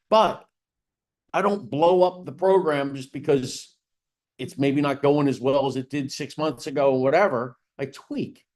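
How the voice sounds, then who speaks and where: A man's voice: fairly high pitch, a little mellow. A man teaching a business planning session for real estate agents, talking in a conversational way and stressing key points with rising emphasis. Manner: conversational, repeats "right?" and "again". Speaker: real estate coach and trainer. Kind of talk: training seminar talk.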